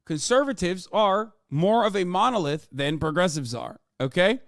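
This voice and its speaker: A male livestream host giving animated, profane reaction commentary over a played clip. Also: sits high, normal speed.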